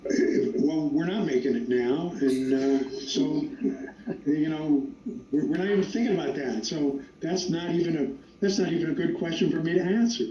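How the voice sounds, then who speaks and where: A man's voice: a little high, moderate pace, warm tone, a little hiss or hum. A man answering audience questions on a panel as the guest writer, telling stories with emphasis. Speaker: screenwriter guest. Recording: echoey distant lo-fi sound.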